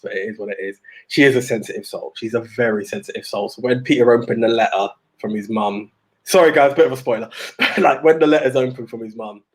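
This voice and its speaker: A young man co-hosting a podcast, telling stories in a rambling, animated way with many restarts. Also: medium pitch. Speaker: podcast co-host. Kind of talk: casual chat.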